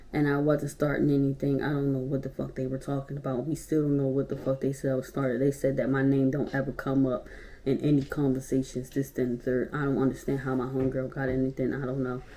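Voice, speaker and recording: A woman in her twenties from Baltimore, telling a story for a casual vlog in a blunt, profane, animated way. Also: a bass voice, brisk. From Baltimore, Maryland, USA. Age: 20s. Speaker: YouTuber.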